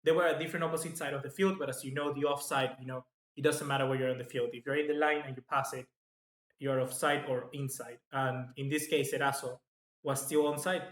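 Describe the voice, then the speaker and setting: A man hosting live football match reaction commentary, chatty and excitable, reading out viewer comments. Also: mid-range voice, fast. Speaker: football fan channel host. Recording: echoey room.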